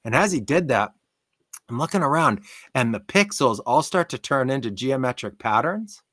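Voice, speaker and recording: A man speaking as a podcast guest, his storytelling animated and tumbling forward with repeated "like." His pitch sits mid-range, and the recording is dry with no room sound. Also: normal speed, no echo. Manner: excitable, repeats "like" often.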